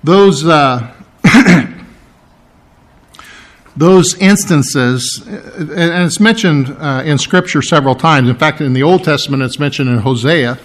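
A man preaching a sermon, acting out quotes with big swings in loudness and pitch, with frequent restarts and throat clearing. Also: measured pace.

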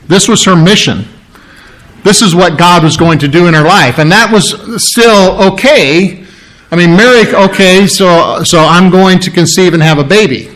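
A man preaching a sermon, explaining scripture earnestly and acting out the story with lively voices. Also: high-pitched, measured pace, low-quality recording.

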